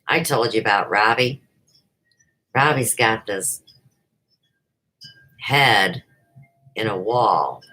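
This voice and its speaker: A woman's voice: very deep voice, sharp tone, rough recording. A middle-aged woman chats unscripted on her own livestream, taking her time and drifting from one thought to the next. She breaks off, circles back, and starts again. Her delivery is loose and conversational, with no polish. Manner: rambling, jumps between topics. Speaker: livestream show host. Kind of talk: unrehearsed casual livestream chat.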